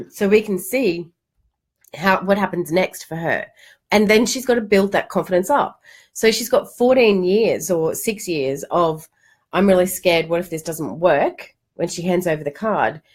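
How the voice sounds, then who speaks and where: Middle-aged female money coach, lowish voice, animated, casual and frank. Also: a little slow. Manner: animated storytelling, acts out quotes, casual swearing. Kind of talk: casual livestream talk.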